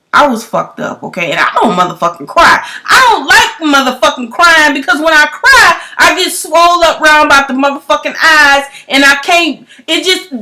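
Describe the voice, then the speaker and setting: A young woman, telling a story in a loud, profane vlog rant full of emphatic rhetorical questions. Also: high-pitched. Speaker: vlogger.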